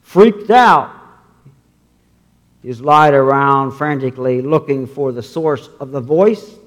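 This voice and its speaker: A male pastor preaching a sermon, measured as he reads scripture, with a long reverb in a sanctuary. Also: mid-range voice.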